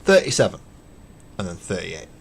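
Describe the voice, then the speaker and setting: A chatty, low-voiced man builds miniature models on a webcam live stream, talking casually while he works. He is very animated, gravelly and slightly rough at a moderate pace, mocking himself, counting parts aloud and swearing casually.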